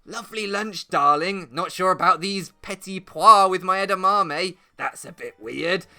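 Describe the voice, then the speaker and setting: A man's voice: high voice, unhurried, sharp tone, pitched above the performer's own voice, full character voice. A man putting on a pompous, posh man fussing over his lunch in a comic anecdote. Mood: smug.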